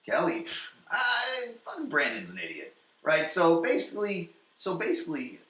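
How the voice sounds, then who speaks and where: A man in his forties hosting a podcast from his basement, recapping an episode in a rambling, profane, excitable way. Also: fairly high pitch, moderate pace, roomy sound. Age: 40s. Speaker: podcast host. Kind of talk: casual solo recap. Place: home basement.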